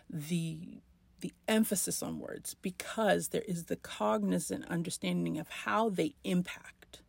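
Slow, gravelly-voiced woman podcast host. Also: fairly low pitch, a little mellow, no room sound. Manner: slow, searching, with many pauses and restarts. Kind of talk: reflective solo podcast monologue.

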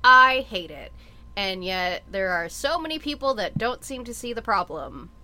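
A woman's voice: medium pitch, expressive, normal speed, a bit bright, slight background noise. A woman from Canada chatting casually, emphatic and profane, with lots of "like" fillers. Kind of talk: casual chat.

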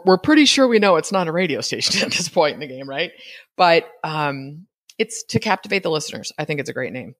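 A woman hosts her own podcast from a home setup, speaking into a podcast mic. Her delivery is candid and conversational, with light laughter and frequent asides. She pauses at times to spell words out letter by letter. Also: low voice. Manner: candid, chatty and lively, with quick laughs and asides. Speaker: podcast host. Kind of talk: solo podcast commentary.

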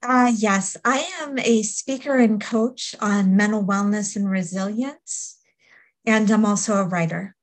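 Woman coach guesting on a podcast, candid and reflective, middle pitch. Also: steady tone, measured pace. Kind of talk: podcast interview.

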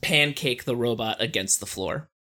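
Male player, bright tone, mid pitch, animated. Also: moderate pace. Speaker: tabletop game player. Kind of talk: casual game chat.

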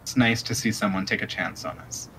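A man voicing a gentle, tearful woman who speaks softly and haltingly. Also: lowish voice, fairly even intonation, slight background noise, rough recording. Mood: grateful. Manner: soft-spoken, halting. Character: gentle, tearful woman leader, soft and grateful.

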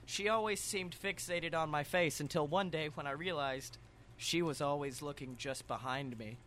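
A man's voice: a little high, moderate pace, a bit bright, slight background noise. A man co-hosting a comedy podcast, reading short horror stories aloud and breaking into jokey asides and laughter. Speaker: podcast co-host.

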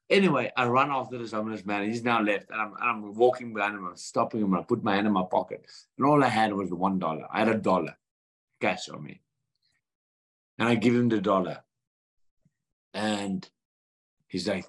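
South african guy in his thirties, kinda low voice, telling a heartfelt story on a podcast, does all the voices himself. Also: moderate pace, long pauses. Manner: earnest, animated retelling with quoted dialogue. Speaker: guest boxer.

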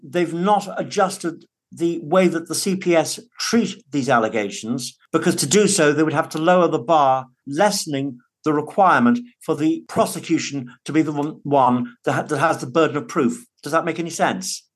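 A man talks as a guest in an interview, earnest and emphatic. His voice sits a little high for a man, and he often restarts his words as he goes. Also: normal speed, hardly any pauses. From United Kingdom. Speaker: podcast guest, father. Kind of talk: conversational interview.

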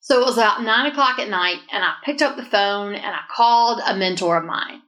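A woman tells a personal story of faith in an earnest, heartfelt voice. Her pitch sits in a middle range, and she leans into the emotional moments as she recounts them. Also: a little fast, fairly bright tone. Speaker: guest. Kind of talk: personal testimony in a faith conversation.

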